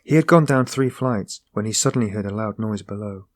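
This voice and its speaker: A man narrating a classic novel as an audiobook, in a steady, measured reading. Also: fairly low pitch, dry recording. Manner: steady, measured reading that rises into voiced dialogue.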